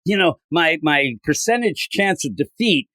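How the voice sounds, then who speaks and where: On a podcast, a male host casually recaps a comic at a measured pace, acting out characters' lines with big pitch jumps in an animated retelling. The recording is dry.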